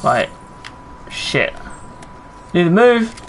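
A man live-streaming a shooter game, talking with his chat as he plays and cursing when things go wrong. His voice sits a little high for a man. Faint ambience hums behind him. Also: very animated, very slow, vocal fry, fairly bright tone, slight background noise, low-quality recording. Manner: chatty, swears when under pressure, answers chat. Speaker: gaming streamer. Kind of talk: live gameplay commentary.

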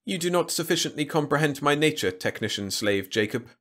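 A man's voice: a little high, lively intonation, a little fast, a bit bright, pitched above the performer's own voice. A man voicing a grandiose, contemptuous ancient alien weapon in a storybook reading, speaking with lofty, pompous declamation. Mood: haughty.

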